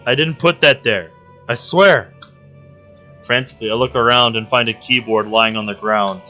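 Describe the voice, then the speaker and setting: A man's voice: medium pitch, moderate pace, pushed and bright, faint music behind. A man streaming a visual novel, reading its narration aloud in a dramatic way with emotional outbursts. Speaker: game streamer.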